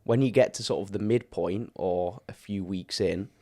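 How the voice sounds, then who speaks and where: Man, very low voice, casual podcast chat, explains things at length. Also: normal speed, mellow. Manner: explains coaching advice at length, with filler words. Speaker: fitness coach and podcast co-host.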